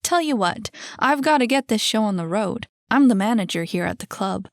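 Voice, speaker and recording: A woman voicing a brisk, friendly woman who manages a club, emphatic and quick to exclaim. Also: medium pitch, expressive, dry recording, clean studio sound, close to an everyday voice.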